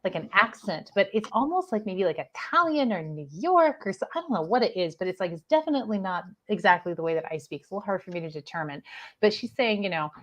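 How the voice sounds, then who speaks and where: A woman with a medium-pitched voice works as a psychic medium, giving a spiritual reading live online. She speaks softly and tentatively, with lots of fillers and false starts.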